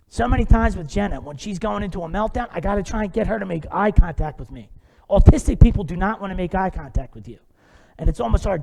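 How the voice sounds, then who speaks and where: Man, preacher, high voice, gravelly, conversational sermon, long church reverb. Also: fast talker, a little mellow. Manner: conversational, with fillers and rhetorical questions. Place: church sanctuary.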